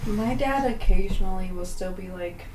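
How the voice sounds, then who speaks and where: A woman's voice: medium pitch, normal speed, far from the mic. A woman playing a tabletop game, chatting casually and joking. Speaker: player. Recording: echoey room, off-mic, loud noise.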